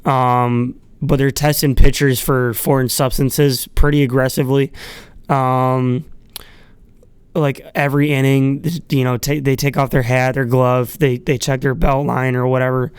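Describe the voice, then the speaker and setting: A man talks on his own in a loose, rambling podcast monologue, with many fillers and little chuckles between thoughts. His voice is smooth and resonant at a middle pitch, and the sound is close and dry. He swears freely in an easygoing, irreverent way. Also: little pitch movement, a little slow, no room sound. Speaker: podcast host. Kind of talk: casual solo monologue.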